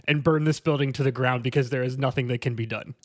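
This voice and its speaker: A man's voice: medium pitch, steady tone, fast, dry recording, clean studio sound, natural voice. A man playing a pedantic podcast owner who lectures on demons in a mock-authoritative tone, in an improvised comedy bit. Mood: pompous. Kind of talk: improvised comedy role-play.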